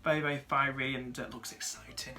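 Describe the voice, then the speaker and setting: A man's voice: mid-range voice, level tone, fast, pushed and bright, faint music behind. A young man, chatting casually as he rates viewers' fantasy football teams, with lots of fillers and friendly asides. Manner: chatty, upbeat, many fillers, calls viewers mate and dude.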